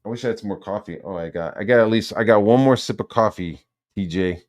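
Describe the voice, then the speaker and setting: Brief: male stream host, low voice, rambling and profane. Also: fast, a little mellow. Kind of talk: profane ranting livestream.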